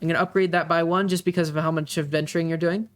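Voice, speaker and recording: Give me a laid-back game master walking players through a tabletop session. The voice sits at a middle pitch and pauses often on fillers, with faint music in the background. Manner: relaxed, full of fillers.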